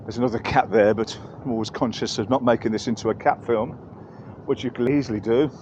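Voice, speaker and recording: A man's voice: medium pitch, fairly even intonation, fast, lo-fi sound, noisy background. An English man giving a chatty, rambling walking-tour commentary outdoors in busy market streets, correcting himself as he goes. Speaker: travel vlogger.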